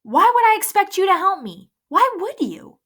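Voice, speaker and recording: A woman's voice: high-pitched, expressive, normal speed, fairly bright tone, pitched above the performer's own voice. A woman voicing a teenage boy who talks back in a raw, defensive way. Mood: defiant. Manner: raw, pushing back hard.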